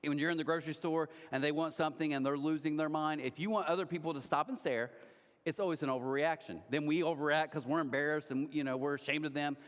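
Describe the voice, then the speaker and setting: A man's voice: fairly high pitch, fairly even intonation, fast talker. A middle-aged man preaching a sermon in a casual, storytelling way, with chatty asides to his congregation. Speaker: pastor. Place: large church auditorium. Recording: long reverb of a large hall.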